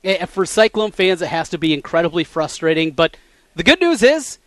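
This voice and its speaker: A man co-hosting a sports radio show, laying out background facts in a measured way and getting lively when he jokes. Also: on the high side, no echo. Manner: measured, recalls facts in detail, gets animated when joking. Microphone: studio mic.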